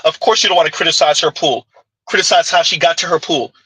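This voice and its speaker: A man's voice: on the high side, fast talker, sharp tone, husky, no room sound, poor audio. A man giving heated, mocking reaction commentary on a clip, firing off rhetorical questions.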